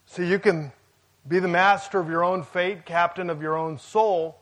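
A pastor with a fairly high voice preaches to his congregation. He keeps it conversational, dropping in jokes and asides as he goes. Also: fairly even intonation, normal speed, fairly bright tone. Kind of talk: sermon.

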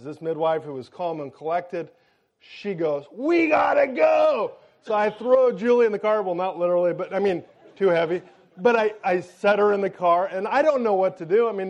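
A pastor delivers his sermon as a lively story, playing the other people's lines in quick little voices. He is a middle-aged man with a high voice. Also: muffled recording. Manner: animated, jokey storytelling with acted-out quotes.

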